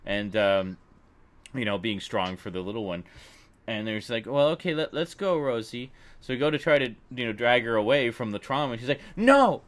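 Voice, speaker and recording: A man hosting a casual livestream chat, telling an animated story and laughing often. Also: on the low side, brisk. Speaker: livestream host.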